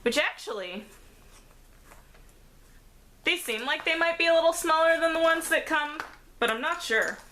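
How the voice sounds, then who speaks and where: A woman's voice: very high voice, expressive, moderate pace, pauses often, bright, forceful tone, slight background noise. A woman chatting casually while making a craft, self-deprecating and laughing often, a little out of breath. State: slightly out of breath. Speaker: craft vlogger.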